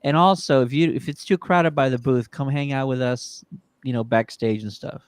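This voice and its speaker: A man's voice: medium pitch, moderate pace, clear, resonant tone, no echo. A man hosting a podcast in casual chat, upbeat and promotional, with frequent restarts. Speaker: podcast host.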